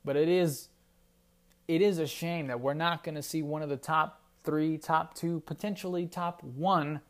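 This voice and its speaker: A man hosting a solo sports podcast, talking casually and rambling with restarts. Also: a little high. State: briefly choked up. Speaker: podcast host.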